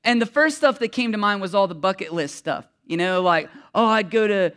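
Emotional pastor preaching conversationally. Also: male voice, high-pitched, lively intonation, fairly quick, fairly bright tone, smooth. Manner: candid and conversational, with many fillers and asides. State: emotional, voice catching. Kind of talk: sermon.

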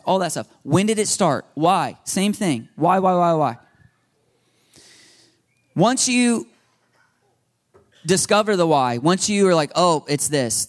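A man in his thirties preaching a sermon in a conversational way, repeating himself and laughing now and then. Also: sits high. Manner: conversational, repetitive, laughing asides. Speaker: pastor.

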